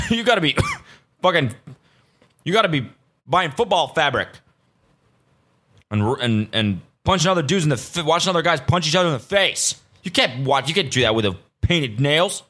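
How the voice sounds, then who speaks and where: A man voicing a macho guy who is mocked for freaking out over a painted nail, in a loud, scandalized way. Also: a little high, very animated, normal speed, pauses often, voice pushed up, heavily acted. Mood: mocking outrage.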